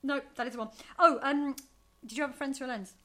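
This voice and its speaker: A woman co-hosting a podcast, chatting casually and acting out quotes in animated high voices. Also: fast. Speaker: podcast co-host. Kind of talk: casual chat.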